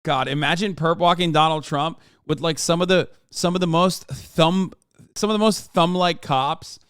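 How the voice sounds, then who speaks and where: A man's voice: a little high, normal speed, fairly bright tone, clear, resonant tone, dry recording, studio quality. A man hosting a casual political reaction stream, sardonic and profane, mocking as he talks. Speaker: streamer host.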